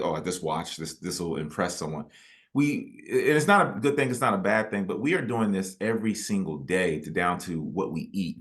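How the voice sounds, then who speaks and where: Very deep-voiced man explaining. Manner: explanatory, storytelling with asides. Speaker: guest author. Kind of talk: webinar interview.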